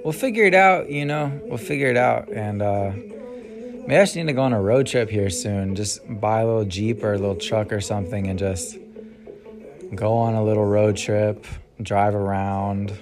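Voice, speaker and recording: With a steady tone and moderate pace, this lowish-voiced young host muses by himself on his podcast. Music plays in the background as he trails off, sighing and saying um often.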